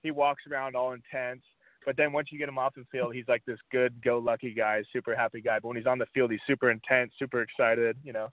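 A young man, a college football player, answering interview questions in a relaxed way with lots of filler words. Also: mid-range voice, quick pace, no room sound. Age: young adult. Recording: dry phone-line audio.

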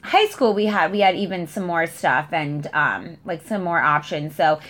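A woman's voice: on the low side, lively intonation, moderate pace, a bit bright. A young adult woman who teaches dance, talking casually with frequent fillers and restarts. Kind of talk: casual chat.

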